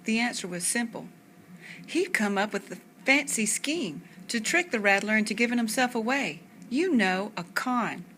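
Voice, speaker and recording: A woman reading a children's novel aloud in an even, unhurried first-person narration. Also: fairly high pitch, slight background noise. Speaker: audiobook reader.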